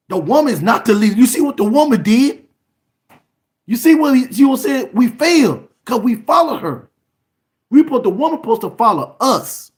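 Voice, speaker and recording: High-voiced preacher man, slow and emphatic, repeats himself, yells now and then. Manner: emphatic, repeats words, bursts into shouts. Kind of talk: fiery sermon.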